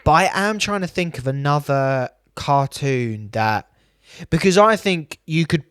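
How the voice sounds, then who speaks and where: A man's voice: on the high side, lively intonation, a little slow, fairly bright tone, smooth, no echo, clean studio sound. A young British man co-hosting a podcast, chatting casually and trailing off mid-sentence. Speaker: podcast co-host. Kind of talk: casual chat.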